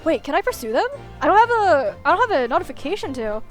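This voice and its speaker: A woman's voice: high voice, sing-song, fast talker, faint music behind. A woman streamer chatting animatedly while playing a video game. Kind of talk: casual game commentary.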